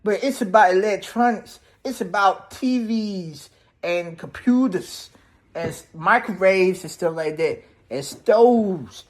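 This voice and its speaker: A man's voice: sits high, expressive, slow pace. A man casually recapping a movie's plot in a loose, profane, slang-heavy way, peppered with "damn, bro". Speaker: movie reviewer.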